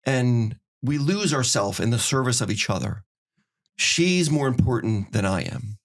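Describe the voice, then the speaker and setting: A man's voice: medium pitch, lively intonation, a little slow. A middle-aged man hosting a podcast, giving earnest relationship advice in casual chat and acting out small dialogues. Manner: earnest, acts out little dialogues. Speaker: podcast host.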